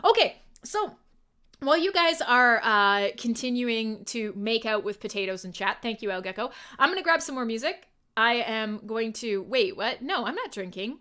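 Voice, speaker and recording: Woman host, live stream radio chat, sparkling bright tone, loose and irreverent, laughs a lot. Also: fairly high pitch, lively intonation, normal speed, clear, resonant tone. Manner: laughs often, irreverent and swearing.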